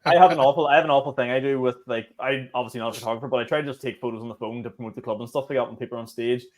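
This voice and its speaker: A Northern Irish man, a comedian hosting a podcast, joking in quick casual banter. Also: medium pitch, fairly even intonation. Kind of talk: casual chat.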